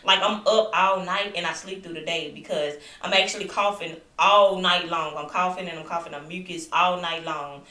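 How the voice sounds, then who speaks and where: This young woman's voice is on the low side, moving at a moderate pace with hardly any pauses, recorded far from the mic and off-mic in an echoey room. She vlogs indoors at home, animatedly recounting being sick as a lingering cough persists. It's casual storytelling to camera with asides to viewers.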